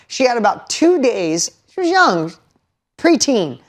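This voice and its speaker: A man's voice: extremely high pitch, very animated, measured pace. Emphatic middle-aged man giving a motivational talk. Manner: emphatic, repeats key lines, questions the audience. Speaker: motivational speaker. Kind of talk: motivational talk to a live audience.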